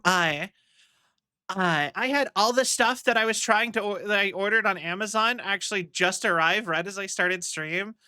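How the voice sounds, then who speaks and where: Rambling streamer chatting w viewers, bright clear voice, says y'all a lot. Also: mid-range voice, moderate pace. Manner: uses "y'all". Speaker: live streamer. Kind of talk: casual stream chat.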